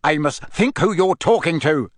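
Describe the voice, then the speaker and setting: A man's voice: on the high side, measured pace, a bit bright, no room sound, clean studio sound, voice pushed up. A man reading aloud and voicing an angry middle-aged wizard father rebuking a colleague. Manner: angry, reproachful.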